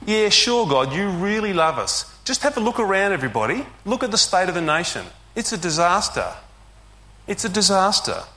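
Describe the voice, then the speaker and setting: A man's voice: sits high, sing-song, moderate pace, bright, forceful tone, voice pushed up, heavily acted. A man voicing a cynical, grumbling crowd of disillusioned people, sarcastic and complaining. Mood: sarcastic complaint.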